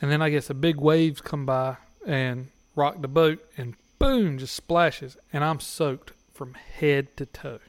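A man's voice: fairly high pitch, slow pace, hardly any pauses, dry recording. A man, a podcast guest, telling crude stories in casual chat and often laughing as he talks.

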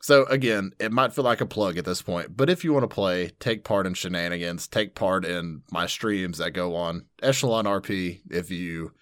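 Deep-voiced relaxed American man. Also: normal speed, hardly any pauses, clean tone, no echo, clean studio sound. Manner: laid-back, laughs often, relaxed banter. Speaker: podcast co-host. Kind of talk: casual chat.

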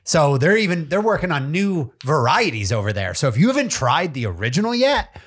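Playful man with a lively voice. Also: fairly high pitch, brisk, slightly rough. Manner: playful, swears freely, teasing. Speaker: podcast co-host. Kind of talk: casual podcast banter.

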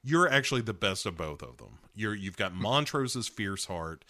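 Bright-voiced man recapping a show. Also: lowish voice. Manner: animated, acts out characters' lines in quick bursts, swears freely. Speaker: podcast co-host recapping a TV episode. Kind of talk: casual chat.

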